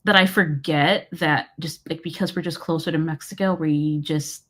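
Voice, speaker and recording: An American woman chats loosely as she hosts a livestream. Her voice sits a little low. She wanders between thoughts with plenty of fillers and easy laughter. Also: steady tone, moderate pace, a bit bright. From United States. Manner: rambling, full of fillers and laughs. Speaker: livestream host. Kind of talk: casual livestream chat.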